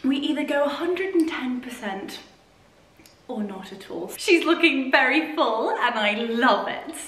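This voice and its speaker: A woman's voice: fairly high pitch, animated, unhurried, roomy sound, poor audio. A British woman vlogging from her living room as she decorates, chatty and gushing, getting sentimental. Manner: gushing, affectionate, prone to getting emotional and laughing. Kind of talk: chatty vlog narration while decorating. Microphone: camera on tripod.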